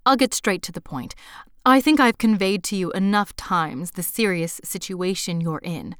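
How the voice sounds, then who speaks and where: A woman's voice: normal speed, fairly bright tone, smooth, lightly acted. A woman voicing a hostile middle-aged woman school head who scolds relentlessly. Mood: stern. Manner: stern, escalating to shrill scolding.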